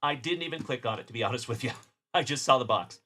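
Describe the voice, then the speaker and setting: A man's voice: medium pitch, expressive, quick pace, sharp tone. A middle-aged man from South Texas hosting a casual card-breaking livestream, chatty and upbeat, greeting viewers by name.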